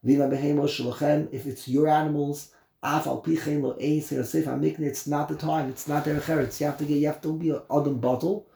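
A man teaching a Torah class, explaining verses and commentary in an animated way that acts out the voices of the people in the text. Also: on the high side, brisk, vocal fry, reverberant. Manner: animated, acts out voices, switches between Hebrew and English.

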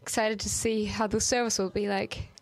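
A woman's voice: mid-range voice, little pitch movement, moderate pace, gravelly, low-quality recording. A woman interpreting a church service into English live, often restarting and rephrasing as she goes. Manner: restarts and rephrases while translating on the fly.

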